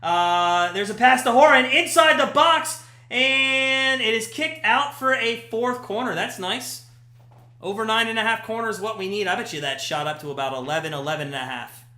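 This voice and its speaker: A man hosting a live watch-party stream, giving chatty play-by-play that jumps to shouts at big chances. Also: high voice, moderate pace. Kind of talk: casual watch-party commentary. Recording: echoey room.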